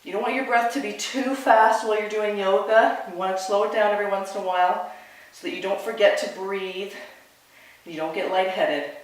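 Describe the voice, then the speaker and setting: A yoga instructor guiding a class with short, calm, encouraging spoken cues. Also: medium pitch, fairly quick. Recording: very echoey room, mic far off.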